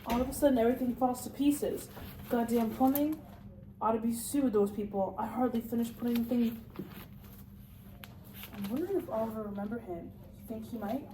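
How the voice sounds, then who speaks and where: A woman's voice: a little high, dark tone, roomy sound, far from the mic, a little hiss or hum, lightly acted, poor audio. Willy, a woman reading as a bossy aging salesman. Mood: agitated. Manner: bossy, lecturing, quick to snap. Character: aging, blustering male salesman father. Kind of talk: amateur play read-through.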